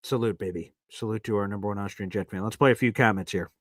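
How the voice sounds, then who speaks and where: A man in his thirties hosting a live fan show, chatting in an animated way that swings from hype to heartfelt. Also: on the low side, fast, no room sound. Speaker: sports podcast host.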